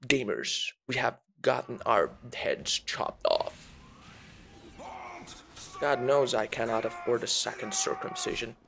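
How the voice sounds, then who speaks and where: A man's voice: medium pitch, sing-song, takes it slowly, gravelly, a bit bright, soft background music, heavily acted. A man doing a celebrity impression while commentating a game, meandering and self-mocking and easily sidetracked. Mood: rambling. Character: slow, gravelly, rambling celebrity-impression man.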